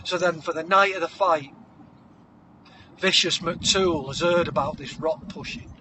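A man telling a comic story, acting scenes out with shouted voices. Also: a little high, measured pace, noisy background. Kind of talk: comedic improvised storytelling.

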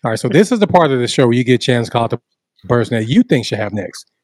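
Fast-talking male podcast co-host. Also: medium pitch, very animated, darkish tone, dry recording, studio quality. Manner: brisk, upbeat show-running. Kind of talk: casual interview chat.

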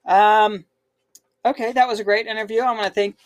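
A woman's voice: medium pitch, steady tone, brisk, dull audio. A woman in her forties hosting a podcast from home, chatting casually in a playful, teasing way. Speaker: podcast host. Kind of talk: casual family chat. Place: at home, indoors.

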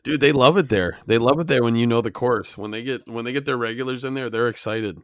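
A man co-hosting a casual chat, animated and playful as he tells his side of a story. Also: mid-range voice, quick pace, no echo. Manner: animated, playful, breaks into joking sing-song bits. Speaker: podcast co-host.

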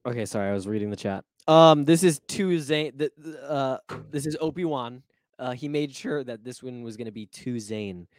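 A man's voice: mid-range voice, moderate pace. A man co-hosting a casual podcast, trading jokes and laughing often. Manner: laughing, jokey banter. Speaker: podcast co-host. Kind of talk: casual chat.

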